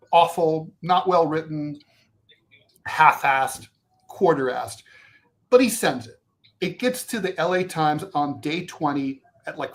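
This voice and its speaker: Guy on a talk show telling a story, animated, swears a lot, keeps restarting sentences. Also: a little high. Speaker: co-host. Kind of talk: casual storytelling chat.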